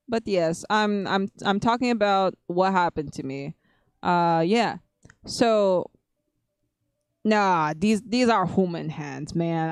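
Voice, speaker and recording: A woman's voice: mid-range voice, expressive, a little slow, no room sound, clean studio sound. A woman streamer telling a storytime at home in a casual, rambling way, giggling often.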